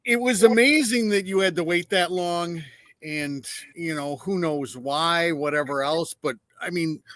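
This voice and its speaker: A man's voice: a little high, unhurried, a bit bright, no echo. A man co-hosting a podcast, chatting casually and affirming his guest. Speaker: podcast co-host.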